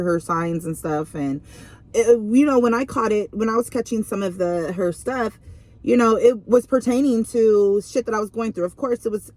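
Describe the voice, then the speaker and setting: A young woman reading tarot in a casual vlog, chatty and rambling, full of fillers and restarts. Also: fairly low pitch. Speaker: tarot reader.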